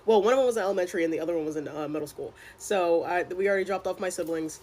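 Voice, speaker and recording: A woman's voice: lowish voice, very fast, darkish tone. A young woman casually telling a personal story, chatty and exasperated, with lots of filler words. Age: young adult.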